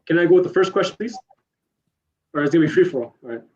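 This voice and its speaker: A man's voice: fairly high pitch, expressive, racing, darkish tone, slight background noise. A man in an online debate who fires off questions, interrupts and repeats himself. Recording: lo-fi call audio.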